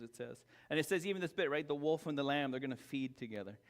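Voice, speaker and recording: A man's voice: on the high side, expressive, fast talker, hardly any pauses. A man preaching a casual sermon, chatty and self-deprecating, full of asides and restarts. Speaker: pastor. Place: church hall. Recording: long hall reverb.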